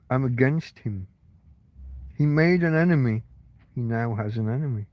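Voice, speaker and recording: A man's voice: mid-range voice, normal speed, dry recording, dull audio. Middle-aged guy from england rambling through a story, lots of swearing and restarts, dry close sound. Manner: rambling, emotional, swears a lot, many restarts. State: tearing up. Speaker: vlogger. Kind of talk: casual storytelling monologue.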